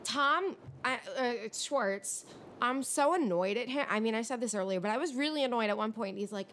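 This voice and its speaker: A woman's voice: on the high side, moderate pace, a little hiss or hum. Ranting young woman recapping reality TV. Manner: ranting, animated, frustrated. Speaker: podcast host.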